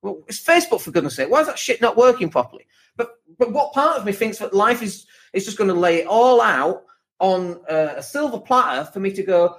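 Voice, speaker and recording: A slightly high-voiced man delivering a blunt motivational monologue on his podcast. He fires off rhetorical questions and swears freely, pushing listeners to stop waiting on confidence and just work the plan. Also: big pitch swings, fairly quick, fairly bright tone. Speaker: podcast host and property coach.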